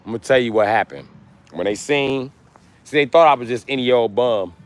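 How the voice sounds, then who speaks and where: A man's voice: medium pitch, normal speed. A man livestreaming to his chat in a crude, taunting rant, hammering points home by repeating them, outdoors near parked vehicles. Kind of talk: live stream rant to chat.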